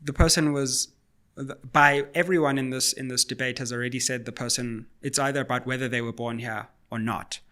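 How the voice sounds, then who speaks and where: A man from Africa, hosting a solo political commentary and arguing point by point in a questioning, measured way. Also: medium pitch, fairly even intonation, bright, forceful tone. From South Africa.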